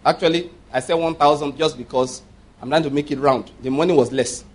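A Nigerian man in his fifties preaches with a husky, slightly raised voice. He presses every point hard and keeps asking his listeners if they get it. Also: on the high side, fairly even intonation, a little fast. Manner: emphatic, keeps checking the congregation understands. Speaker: pastor. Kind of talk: sermon.

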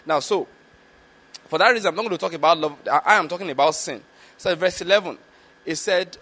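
Reading scripture slowly and with care, a male preacher with a somewhat high, sharp-toned voice stops often to explain the verses in his sermon and to make sure the congregation understands.

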